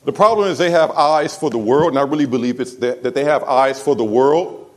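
A man pastor preaching a sermon to his church, telling a story and swinging from quiet, low asides to loud, raised exclamations. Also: brisk.

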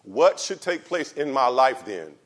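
A male pastor preaching a sermon, calling out to the congregation, building to loud, drawn-out passion and then dropping low and quiet. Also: very animated. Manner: calls out to the congregation.

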